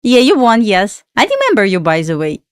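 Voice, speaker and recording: A woman's voice: mid-range voice, huge pitch swings, a little fast, clear, resonant tone, dry recording, clean studio sound. A woman from Belarus with a Belarusian accent, chatting casually on a live stream and answering viewers' questions. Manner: chatty, reads out viewer questions and answers them, laughs often. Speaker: livestream trading host.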